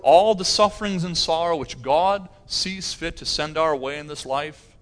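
A man's voice: a little high, unhurried. A middle-aged pastor preaching a sermon, earnest, with his voice rising in intensity on key phrases.

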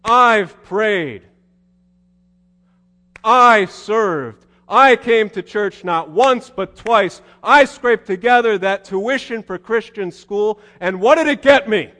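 A man's voice: medium pitch, expressive, normal speed, natural voice. A man voicing a bitter, resentful elder brother who complains in a pointed, indignant way. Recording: long hall reverb.

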